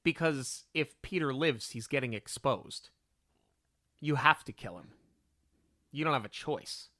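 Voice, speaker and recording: Man podcast co-host, bright forceful voice, dry mic, breaks down film plots. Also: medium pitch, unhurried, dry recording. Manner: analytical, makes his case firmly. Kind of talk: casual film review chat.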